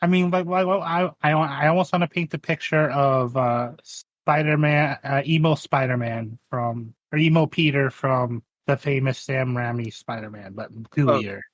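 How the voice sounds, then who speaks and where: Man, tabletop player, rambling, halting, mid pitch, dry close sound. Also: no echo. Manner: rambling, halting, cinematic describing. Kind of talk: casual tabletop game chat.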